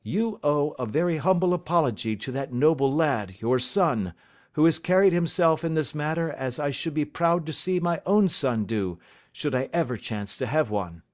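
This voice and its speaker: A man voicing a composed, stern male detective in an audiobook, deliberate and authoritative. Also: fairly high pitch, animated, natural voice. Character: calm, stern male detective, measured and assured. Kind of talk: audiobook character reading.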